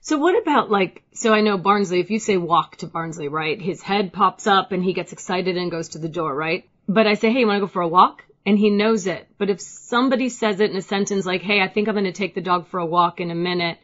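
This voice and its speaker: A woman host tells everyday stories with lively, expressive energy. Her voice sits at a middle pitch. The recording has a dull, lo-fi quality. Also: a little fast, hardly any pauses. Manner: animated storyteller, lively and expressive. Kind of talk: casual chat.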